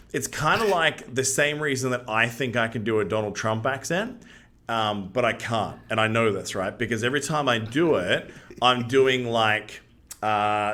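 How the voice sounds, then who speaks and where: Chatty Australian man, bright voice. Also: medium pitch. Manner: chatty, laughs often, slangy. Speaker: podcast co-host. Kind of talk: casual gaming podcast chat.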